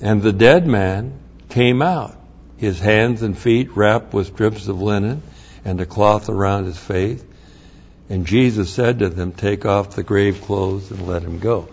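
A man preaching a sermon, reading scripture and explaining it in plain asides, getting louder when excited. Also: fairly low pitch, unhurried, creaky, slightly rough, muffled recording.

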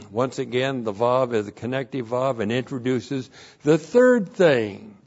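A man teaching verse by verse through a Bible passage, slow and emphatic, repeating key phrases for weight. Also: medium pitch, animated, a little mellow, muffled recording.

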